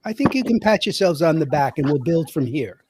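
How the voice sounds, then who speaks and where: A man in a comedy sketch, encouraging a group through a rehearsal and clearing his throat often. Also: a little high, very animated, a little fast, background noise. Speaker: rehearsal leader.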